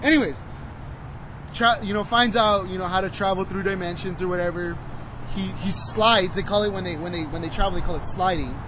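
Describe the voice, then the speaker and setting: Man, twenties, podcast co-host, rambling profane chat, fairly high voice, wind noise with clipping. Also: a little fast. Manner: rambling, profane, lots of "you know" fillers. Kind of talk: casual chat, show recommendation. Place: outdoors near traffic.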